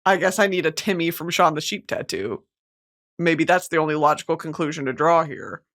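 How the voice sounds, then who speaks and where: A woman hosting a podcast in casual chat, goofy and excitable, given to loud squeals and dramatic wails, and swearing freely. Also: low-pitched, a little fast. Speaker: podcast host.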